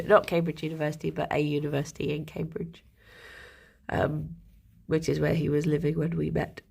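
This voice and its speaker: A woman streamer from England chats at an unhurried pace, wandering from thought to thought with plenty of fillers. Her voice has a gravelly fry to it, and it goes higher and sing-song when she coos at her pets. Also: darkish tone. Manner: rambling, chatty, with lots of fillers. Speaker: live streamer. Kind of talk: casual chat on a live stream.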